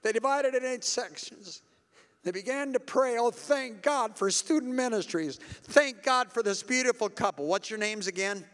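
High, bright-voiced fervent male preacher. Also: normal speed, in a large hall. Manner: animated, builds to shouted fervor; calls out to the audience for applause. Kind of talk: sermon storytelling to a congregation.

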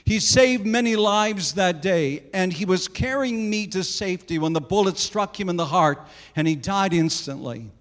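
A man voicing a grateful, humble young male soldier in an earnest, gentle way. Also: sits high, lively intonation, moderate pace, few pauses, long reverb tail.

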